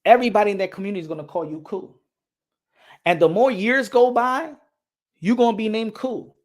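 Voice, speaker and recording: A boxing channel host, a man with a high voice, rants heatedly to camera. He is profane and keeps repeating himself as he argues his point. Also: fairly quick. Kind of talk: casual opinion rant to camera.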